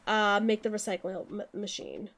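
Young woman streamer, excitable and sweary, bouncy pitch all over the place. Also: moderate pace. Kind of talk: casual co-op gaming chat.

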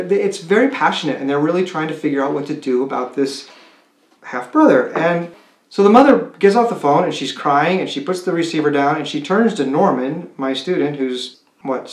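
A man working as a college admissions counselor, explaining to students in a conversational way with rhetorical questions. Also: a little high. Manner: conversational, with many restarts and rhetorical "right?". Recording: roomy echo.

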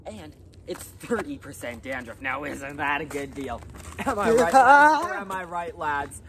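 A young performer playing a boastful, shady male oat salesman who rambles erratically and jumps to sudden shouts. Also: mid-range voice, measured pace, a crowd in the background, close to an everyday voice. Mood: pushy. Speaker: salesman character. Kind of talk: comedic sketch acting.

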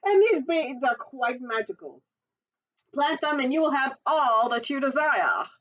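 A woman's voice: high voice, lively intonation, measured pace, a bit bright, pitched above the performer's own voice. A woman playing a sly old bean peddler. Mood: persuasive. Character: sly old male stranger selling beans. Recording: dull, distant recording.

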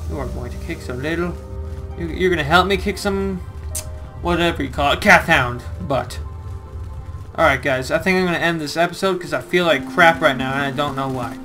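A man giving casual, excitable running commentary while playing a game, talking to himself and swearing mildly. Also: a little high, fairly quick. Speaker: let's play host. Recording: clear music playing behind.

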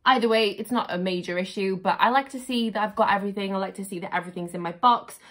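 A woman vlogger chatting casually at home while unboxing, gushing and excitable, often repeating "really, really". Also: medium pitch, fast.

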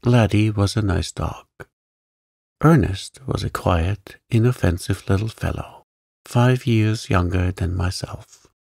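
A man narrating a bedtime story in a soft, soothing, gentle way. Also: lowish voice, takes it slowly, gravelly, no room sound, studio quality.

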